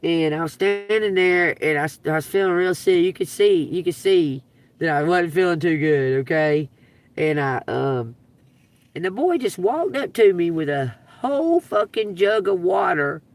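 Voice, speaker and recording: Middle-aged Southern woman with a gravelly fry and a dry sound, off-mic, cussing live-stream storyteller. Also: lowish voice, moderate pace, no echo, far from the mic. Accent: Southern US (Georgia). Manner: profane, animated, laughs through the story. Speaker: live-stream tarot reader. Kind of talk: rambling casual storytelling.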